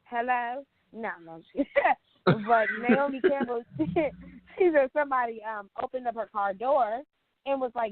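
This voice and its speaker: A woman's voice: high-pitched, a little slow, dry recording. A woman co-hosting a casual podcast, recapping celebrity news in a chatty way and laughing often. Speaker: podcast co-host. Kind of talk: casual chat. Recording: tinny phone-like line.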